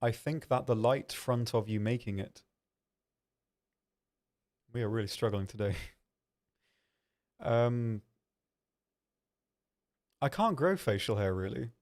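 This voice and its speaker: Speaking slowly with long pauses, this young stream host has a mid-range, darkish voice and an animated delivery. He casually reads out viewer questions from the chat and answers them, dropping lots of ums and poking fun at himself along the way.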